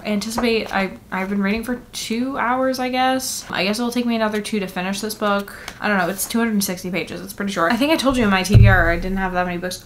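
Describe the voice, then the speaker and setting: A young woman talks casually into her camera at home, rambling and tired from lack of sleep. She leans on fillers and breaks into small laughs, her pitch sitting in a middle range. A faint hiss runs under her voice. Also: fast, hardly any pauses. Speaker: book vlogger. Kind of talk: casual chatty vlog. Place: apartment at home.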